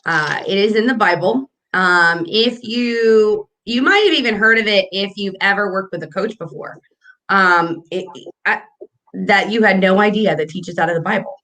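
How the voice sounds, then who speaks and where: A woman's voice: mid-range voice, moderate pace, a bit bright. A woman hosting a casual morning livestream, chatty and rambling with lots of fillers and restarts. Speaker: morning show host.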